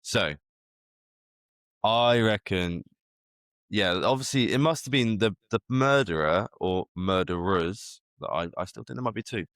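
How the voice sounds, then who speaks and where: A man with a very low, deep voice talks loosely on a podcast, circling his ideas and restarting sentences as he goes. The sound is close and dry, with no room around it. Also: expressive, unhurried, fairly bright tone, clear, resonant tone, dry recording. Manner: rambling, speculative, full of restarts. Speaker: podcast co-host. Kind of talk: casual chat.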